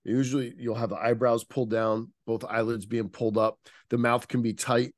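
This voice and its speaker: Speaking at normal speed with a flat delivery and medium pitch, a man guests on a casual podcast interview. He's a nonverbal communication instructor who explains like a teacher and pauses to look for the right word. It's a dry, studio-quality recording.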